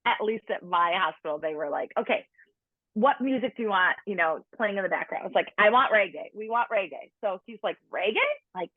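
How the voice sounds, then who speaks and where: Over a tinny phone-line recording that's dry and echo-free, a woman in her late thirties shares a personal story in conversation as a podcast guest. Her medium-pitched voice is expressive and brisk; she's chatty, full of "like," and imitates those she quotes.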